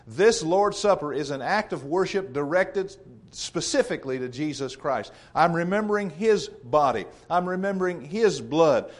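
A man preaching a sermon in an earnest, measured way, repeating phrases for emphasis. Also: a little high.

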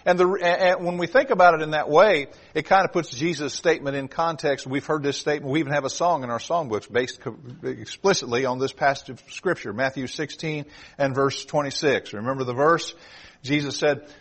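A man's voice: on the high side, brisk. A man preaching a sermon, stressing key words and asking the congregation direct questions. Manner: emphatic, rising and dropping for emphasis.

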